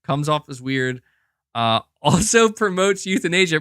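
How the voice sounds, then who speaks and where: A man's voice: on the high side, lively intonation, a little slow, fairly bright tone, clear, resonant tone, no echo, studio quality. A young man hosting a gaming podcast, casually rambling in reply to chat comments with many restarts and "bro". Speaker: podcast host reading chat.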